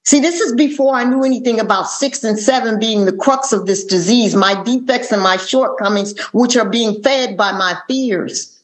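A woman's voice: a little high, moderate pace, few pauses. Sassy woman telling her story. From Atlanta, Georgia. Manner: animated storytelling with sassy asides and acted quotes. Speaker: recovery meeting speaker. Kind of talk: personal testimony talk.

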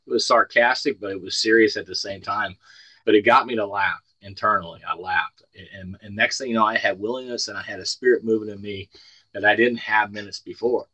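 Plainspoken older man, forceful and dry. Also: lowish voice, steady tone, brisk, breathy edge, dry recording, low-quality recording. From Ozark Mountains, United States. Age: 60s. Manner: folksy, plainspoken storytelling with dry humor. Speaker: speaker sharing his recovery story. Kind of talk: personal testimony at a recovery meeting. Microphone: video call.

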